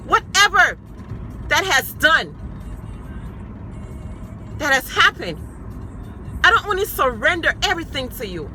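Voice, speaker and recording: A woman's voice: high-pitched, sing-song, measured pace, long pauses, pushed and bright, faint music behind. A woman sharing her personal testimony with emphatic, repeated declarations, speaking of her faith and her sons. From New York.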